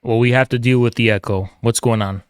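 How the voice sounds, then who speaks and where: A man hosting a live call-in stream, lecturing and mocking his callers, at times booming like a preacher. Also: fairly even intonation, brisk, clean tone, no room sound, studio quality. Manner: lecturing, mocking, swings to booming theatrical declaiming. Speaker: livestream host taking callers. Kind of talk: combative call-in debate.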